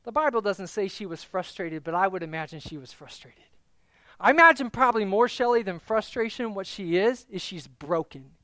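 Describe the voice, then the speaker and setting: A man's voice: high-pitched, animated, normal speed, pushed and bright, no room sound. A male pastor preaching an Easter sermon in a loose, conversational way, joking and calling on people by name. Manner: conversational, jokey, calls out congregants by name.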